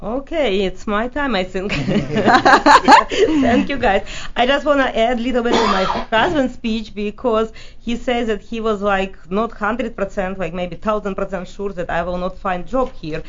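A woman with a heavy Russian accent talks as a guest, laughing often and pausing on fillers. Her mid-pitched voice sits in a slightly dull, lo-fi recording. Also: slight background noise. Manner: giggly, halting with fillers. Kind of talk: casual chat.

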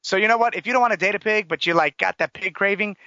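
A man hosting a radio talk show, energetic and chatty as he plugs sponsors and signs off. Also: sits high, fast, no room sound, dull audio.

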